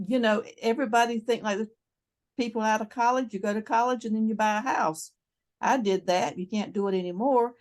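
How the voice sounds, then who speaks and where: Woman, 70s, North Carolina accent, casual rambling chat, frank, middle pitch. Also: darkish tone. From North Carolina, USA. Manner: rambling, restarts often, frank. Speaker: channel host.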